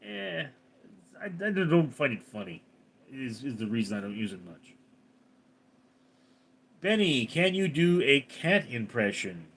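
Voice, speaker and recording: A man's voice: medium pitch, unhurried, long pauses, husky. A man hosting a casual livestream, reading out commenters' names and chatting back to them. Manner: reads commenter names then answers, animated.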